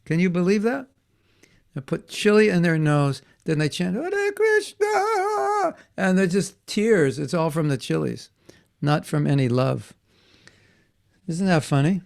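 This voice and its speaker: Brief: man telling children stories, a little high, gravelly, acts out quotes. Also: unhurried, pauses often. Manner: animated, acts out voices in quotes. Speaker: teacher. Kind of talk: storytelling class for children.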